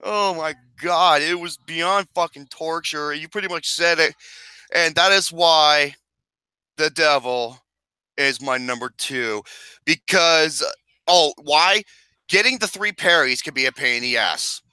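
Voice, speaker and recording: Dude chatting games, high bright voice, bouncy, swears a bunch, dry sound. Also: male voice, measured pace, clear, resonant tone, no echo, low-quality recording. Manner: animated, swears a lot, laughs often. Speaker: co-host. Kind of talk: casual gaming chat.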